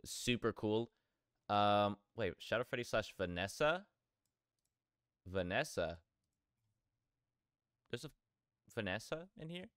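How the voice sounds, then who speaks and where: A man hosting a reaction video, talking casually and excitedly, often repeating himself. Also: fairly low pitch, slow, pauses often, smooth, no echo, studio quality.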